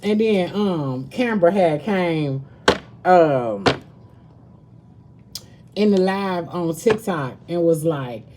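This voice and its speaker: A woman reads tarot cards on a live stream and talks to her viewers as a chatty, slangy host. Her voice sits a little low and she takes her time, drawing out words at an unhurried pace. There is a faint hiss behind her voice. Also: expressive. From Southern United States. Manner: chatty, slangy, addresses viewers as baby and girl. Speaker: tarot reader. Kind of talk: casual live-stream chat.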